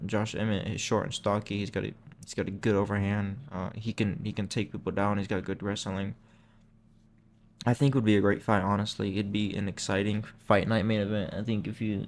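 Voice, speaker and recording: A young man hosting a channel, talking in a casual, rambling way that is full of slang and self-corrections. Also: lowish voice. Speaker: MMA channel host. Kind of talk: casual chat.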